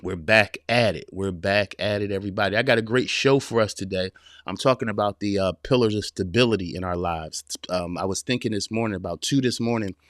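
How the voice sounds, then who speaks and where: A podcast host in his forties talks straight to his listeners on a live-streamed motivational show, casual and preachy, repeating his points and calling them y'all and man. His voice is fairly low and fairly quick, in a clean studio recording with no echo.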